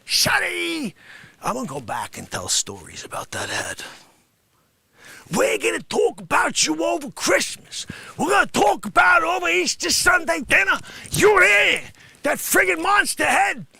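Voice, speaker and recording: A man voicing a brash loudmouth at a coffee counter, blustering and switching between muttering and shouting. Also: very high-pitched, huge pitch swings, a little slow, creaky, long pauses, husky, dry recording, pitched above the performer's own voice, full character voice.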